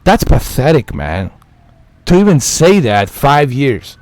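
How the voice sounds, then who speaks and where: A man's voice: mid-range voice, very animated, takes it slowly, darkish tone, no echo. A man ranting heatedly as a gaming vlogger, swearing often and repeating his points in exasperation. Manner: profane, repetitive, exasperated. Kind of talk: heated rant to camera.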